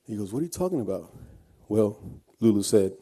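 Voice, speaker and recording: A man's voice: fairly low pitch, expressive, fairly quick, mellow, slightly rough. A man giving an earnest personal testimony, telling his story with frequent restarts. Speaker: guest speaker.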